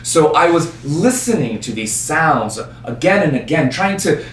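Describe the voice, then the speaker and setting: A man's voice: fairly high pitch, a little slow, a little hiss or hum. A young man performing a self-mocking solo stage monologue in a small performance space. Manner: self-mocking, animated storytelling. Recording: roomy stage sound from a distance, faint ambience.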